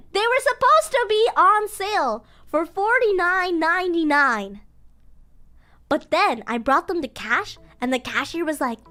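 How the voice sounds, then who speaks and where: A woman's voice: very high-pitched, lively intonation, slow, sharp tone. A woman streaming a playful Japanese vocabulary lesson, giggling often and acting out little scenes.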